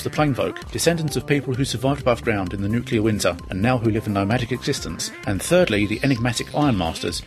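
A man co-hosting a podcast, speaking in a measured, thoughtful way and reading out a short book recommendation. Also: medium pitch. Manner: measured, thoughtful, many "I mean" fillers. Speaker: podcast co-host. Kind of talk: casual chat and read-out recommendation.

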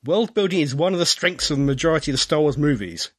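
A man's voice: fairly high pitch, expressive, fast talker, breathy edge, no room sound, clean studio sound. A man co-hosting a podcast, chatting in an easygoing, wry way and reading out listener mail. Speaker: podcast co-host. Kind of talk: casual podcast chat.

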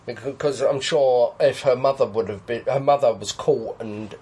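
A man talking casually as he comments on a TV episode with friends. His voice is husky and his pitch sits in the middle. He stumbles and repeats words while he finds what he means. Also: darkish tone, poor audio. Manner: halting, repeats words while hunting for them. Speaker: podcast co-host.

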